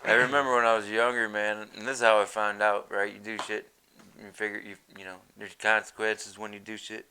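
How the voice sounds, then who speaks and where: A man's voice: lowish voice, level tone, brisk, sharp tone, a little hiss or hum. A man hosting a casual podcast, rambling through stories and giggling often. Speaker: podcast host. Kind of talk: casual stoner chat.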